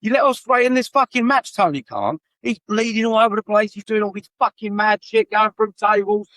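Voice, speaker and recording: A man's voice: high-pitched, brisk, fairly bright tone, dry recording. Sweary London man ranting on a podcast. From England. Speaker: podcast co-host. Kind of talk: casual chat.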